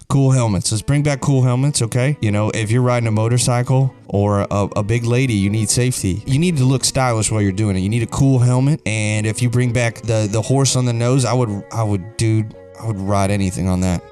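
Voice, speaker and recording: A man's voice: lowish voice, a little mellow. A young man hosting a comedic video, ranting in a rambling, crude, mock-serious way. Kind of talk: deadpan comedic rant.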